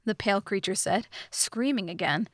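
A woman narrating a fantasy novelization as an audiobook, reading in a steady, measured way. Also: medium pitch, dry recording, clean studio sound. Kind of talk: scripted narration.

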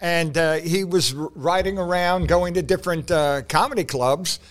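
Podcast cohost dude, kinda high voice, lots of uhs, laid back chat. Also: male voice, moderate pace. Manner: hesitant, lots of uh fillers. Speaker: podcast co-host. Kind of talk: casual chat.

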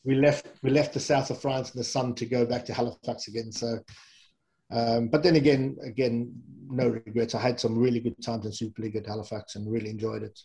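A middle-aged man from England with a warm, mellow voice spins loose, rambling stories as an interview guest. He wanders through fillers and self-corrections in an easygoing, conversational way. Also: medium pitch, level tone, brisk, rough recording. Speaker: guest, former rugby player. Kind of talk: casual anecdotal storytelling.

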